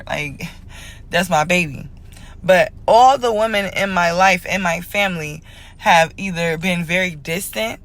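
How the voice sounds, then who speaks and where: A woman's voice: on the low side, fairly bright tone. A woman talking casually as an astrologer and spiritual reader, candid and emotional, rambling loosely and checking in with her viewers. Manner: addresses viewers directly, checks in often. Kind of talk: casual confessional astrology talk.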